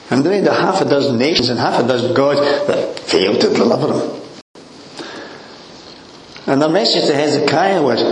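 A man preaching a sermon in a relaxed, conversational way, chuckling often and leaning on "you know" as he speaks to the congregation. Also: medium pitch, a little fast, slight background noise. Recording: echoey room with faint ambience.

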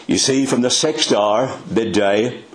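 An older man preaching a sermon, slow and emphatic, dropping to hushed tones for effect. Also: medium pitch.

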